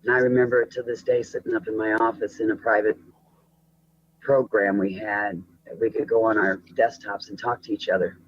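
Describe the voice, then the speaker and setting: A man calmly recounting a past ordeal in a matter-of-fact way. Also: fairly low pitch, moderate pace, husky, highs cut off. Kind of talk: personal recollection.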